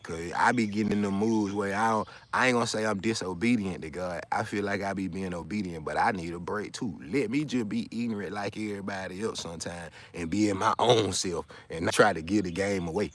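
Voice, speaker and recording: A man's voice: low-pitched, brisk, few pauses. A man talks loosely on a livestream. He rambles, swears freely and taunts a viewer in the chat. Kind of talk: casual livestream talk to chat.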